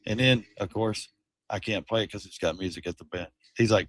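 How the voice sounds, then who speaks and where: A middle-aged man hosting a casual livestream, reacting to videos with loud, blunt, slangy commentary. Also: on the low side, very animated, normal speed, no room sound, clean studio sound. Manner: loud, blunt, slangy, mocks and quotes the clips.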